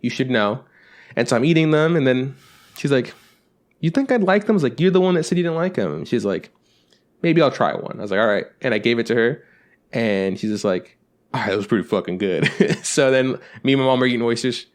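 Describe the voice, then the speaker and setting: Fast-talking man telling rambling stories. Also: medium pitch, animated. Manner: rambling anecdotes with acted-out quotes, swears freely. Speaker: podcast co-host. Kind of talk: casual storytelling chat.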